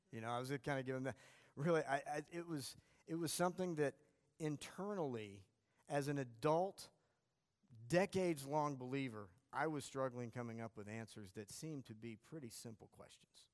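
A man's voice: medium pitch, moderate pace. Storytelling male class teacher, reverberant hall. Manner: anecdotal, self-deprecating storytelling. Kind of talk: church class talk.

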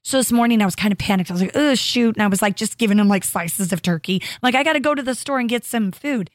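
A woman in her thirties co-hosting a casual chat podcast, telling lively stories and acting out what people said. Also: a little high, fast talker, no room sound, clean studio sound. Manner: animated storyteller, acts out quotes. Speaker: podcast co-host.

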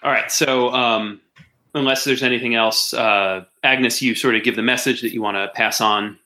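A man narrating as game master of a tabletop role-playing game, halting and full of fillers. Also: medium pitch, fairly even intonation, sharp tone, reverberant, rough recording.

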